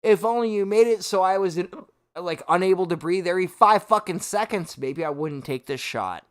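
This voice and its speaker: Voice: medium pitch, normal speed. A livestreamer ranting with constant swearing, tipsy from shots and hiccuping between words. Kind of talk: drunken livestream rant.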